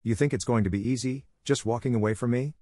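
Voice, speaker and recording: A man's voice: medium pitch, quick pace, dark tone, no room sound, studio quality, close to an everyday voice. A man reading the lines of a smug, sarcastic husband in a scripted story, dismissive and scornful in manner.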